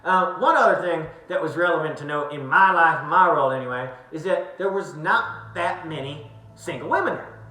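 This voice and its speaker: A man's voice: a little high, moderate pace, sharp tone, echoey room, poor audio. A young man casually recapping a gathering on camera, rambling and cursing freely, sometimes drifting into put-on accents. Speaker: vlogger.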